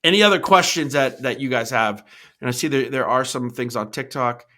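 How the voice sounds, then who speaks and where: A man's voice: mid-range voice, fairly quick, sharp tone. A middle-aged man hosting a podcast, talking through his ideas off the cuff, often restarting his words and tagging points with "right?" as he answers live comments. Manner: thinking aloud, repeats words, tags points with "right?". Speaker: podcast host.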